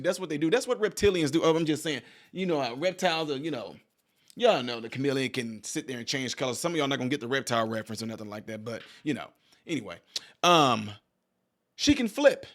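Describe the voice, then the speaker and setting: High-pitched guy ranting about politics on his channel, chatty and jokey, goes off on tangents. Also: quick pace. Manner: animated, digressive, jokey. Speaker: channel host. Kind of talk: casual political commentary.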